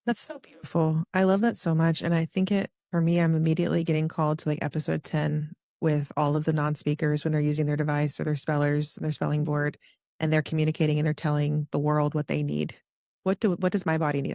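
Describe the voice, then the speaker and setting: A woman's voice: deep voice, flat delivery, quick pace, vocal fry, mellow, no echo, studio quality. A woman podcast host speaking in flowing, enthusiastic run-on sentences in a casual interview.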